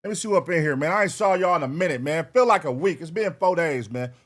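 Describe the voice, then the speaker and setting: A man hosting a casual livestream, talking loose and slangy and half-singing shout-outs to viewers. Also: fairly high pitch, lively intonation, quick pace. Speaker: livestream reaction host. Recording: hip hop music playing behind.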